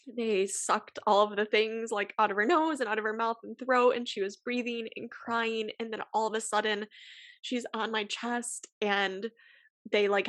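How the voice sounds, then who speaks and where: Young woman podcaster, mid-pitch, kinda teary and sighing a lot, super dry close mic. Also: fairly bright tone, dry recording. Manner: emotional, sighing, filler-heavy. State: tearful. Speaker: podcast host. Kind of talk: casual personal storytelling.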